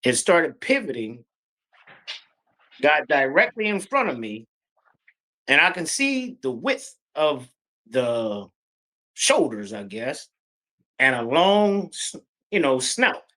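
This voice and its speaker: A middle-aged man from Pennsylvania telling a true encounter story in a halting, breathless, vivid way. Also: fairly high pitch, sing-song, sharp tone. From Pennsylvania, USA. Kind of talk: animated personal storytelling.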